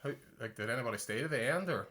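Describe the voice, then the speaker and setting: A chatty man hosts a relaxed conversation, reading out a joke article with plenty of laughter and false starts. His voice is bright and forceful, recorded close on a desk microphone. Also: medium pitch, very fast. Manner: chatty, laughing, many restarts. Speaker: podcast host. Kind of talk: casual chat, reading a comic article aloud.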